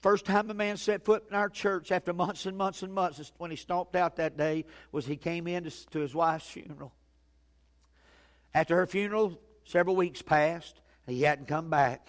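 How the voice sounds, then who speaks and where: A fairly high-voiced man preaches in a church, telling his story with big swings between loud, urgent passages and hushed, quiet ones. His voice rings with a long reverb from the sanctuary around him. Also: steady tone, normal speed. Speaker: pastor. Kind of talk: sermon.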